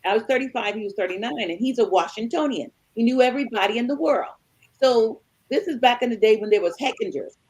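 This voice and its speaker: A woman in her sixties, a married panelist, telling a story with animated back-and-forth dialogue and calling her listeners y'all. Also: on the high side, fast, breathy edge, poor audio. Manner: animated, acts out both sides of conversations, addresses listeners as y'all. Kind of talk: storytelling chat.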